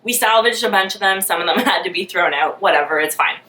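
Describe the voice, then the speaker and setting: A young woman telling a dating story in a storytime vlog, animated, sarcastic and self-mocking. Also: mid-range voice, quick pace. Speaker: vlogger. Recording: roomy, mic at a distance.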